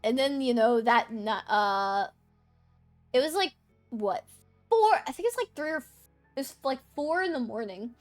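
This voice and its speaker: High-voiced young woman rambling a story. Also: normal speed, pauses often, soft background music. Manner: rambling, animated, swears freely. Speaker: streamer. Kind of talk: casual storytelling chat.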